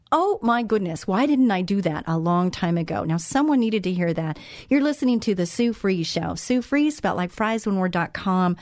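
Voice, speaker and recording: A woman's voice: mid-range voice, darkish tone, no room sound, studio quality. A woman hosting a Christian talk show, speaking in an encouraging, conversational way and repeating phrases for emphasis. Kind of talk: devotional talk show monologue.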